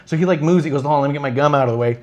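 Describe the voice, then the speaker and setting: A man's voice: a little high, racing, darkish tone. Swearing man telling a rambling story. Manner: acts out quoted dialogue with shifting voices. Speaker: podcast host. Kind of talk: casual live podcast chat.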